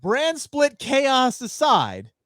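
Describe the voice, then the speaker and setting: A man co-hosting a casual wrestling podcast, opinionated and animated, swearing freely into a close mic. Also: extremely high pitch, very slow, no room sound. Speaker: podcast co-host.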